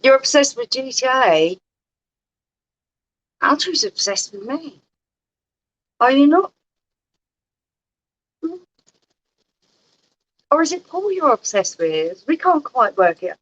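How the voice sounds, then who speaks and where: A woman's voice: high-pitched, sing-song, slow pace, pauses often, rough recording. A woman co-hosting a casual livestream, chatty and teasing as she talks to viewers. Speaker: livestream co-host. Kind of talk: casual chat.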